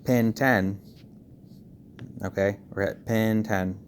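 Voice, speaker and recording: Fast-talking man explaining car amp wiring. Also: on the low side, steady tone, slight background noise. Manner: talks fast, checks in with frequent okays. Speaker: car audio installer giving a tutorial. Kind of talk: casual screen-recorded how-to walkthrough.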